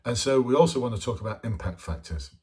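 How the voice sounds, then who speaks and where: A man's voice: medium pitch, lively intonation, fast talker, darkish tone. A man talking casually and bluntly as a police interview coach, informal and chatty, with mild swearing. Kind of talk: casual spoken lesson to camera.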